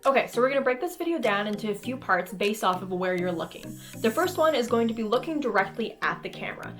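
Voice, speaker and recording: A woman's voice: a little high, expressive, quick pace, a bit bright, soft background music. A woman hosting a casual cosplay tutorial, talking to the camera in a playful, goofy way and acting out expressions.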